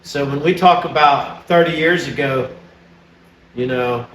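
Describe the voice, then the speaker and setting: A man's voice: mid-range voice, a little slow, a bit bright. A man in his forties from Ohio, chatting casually and joking while working in his shop. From Ohio, USA. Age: 40s. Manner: joking, rambling. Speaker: vlog co-host, shop worker. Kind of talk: casual chat. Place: workshop. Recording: roomy, far from the mic, faint background noise.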